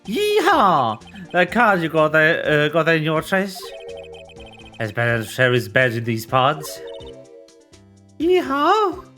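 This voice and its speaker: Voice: mid-range voice, wildly swooping pitch, slow, long pauses, bright, forceful tone, soft background music, exaggerated voice. Streamer doing a drawling cowboy detective. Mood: folksy. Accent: put-on Texan cowboy drawl. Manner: drawling, folksy, says yeehaw. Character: drawling cowboy detective, laid-back adult man. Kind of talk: reading game dialogue aloud on stream.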